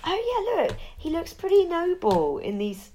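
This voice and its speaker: A woman's voice: very high voice, wildly swooping pitch, warm tone. A woman co-hosting a podcast, chatting casually and laughing often as she riffs on the topic. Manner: laughing, quick to riff. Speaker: podcast co-host. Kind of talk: casual comedy chat.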